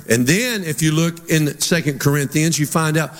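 High-voiced preacher in a big hall. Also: male voice, normal speed, hardly any pauses, faint music behind. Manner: storytelling, humorous, conversational preaching. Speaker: pastor. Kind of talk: sermon. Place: large church hall with congregation. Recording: reverberant church hall with crowd.

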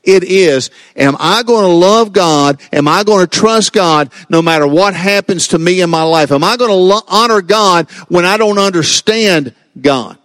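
A man preaching a sermon as a pastor, swinging between slow dramatic lines and quick asides. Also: high voice, expressive, a bit bright, dry recording, clean studio sound.

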